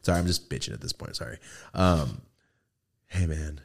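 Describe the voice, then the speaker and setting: A young man co-hosting a casual podcast, ranting in an animated way and swearing freely. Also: very deep voice, moderate pace, gravelly. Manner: animated ranting, swearing, jumps into shouted impressions. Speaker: podcast co-host.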